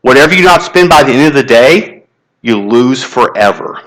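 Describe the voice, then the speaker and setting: Lively, bright-voiced male speaker. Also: medium pitch, moderate pace, rough recording. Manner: animated storytelling, leads call-and-response. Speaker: guest motivational speaker. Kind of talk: inspirational talk to a congregation. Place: spiritual center sanctuary.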